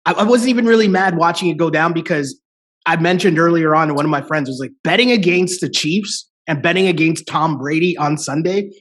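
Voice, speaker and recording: A man co-hosting a sports betting podcast, talking in an animated, chatty way and peppering his talk with "like" and "right?". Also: fairly high pitch, a little fast. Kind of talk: casual podcast chat.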